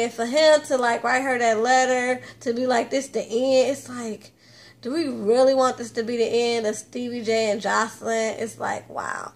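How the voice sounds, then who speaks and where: A woman giving a casual, chatty recap of a reality TV episode, retelling scenes with slang and lively asides. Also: high voice. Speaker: TV recap host.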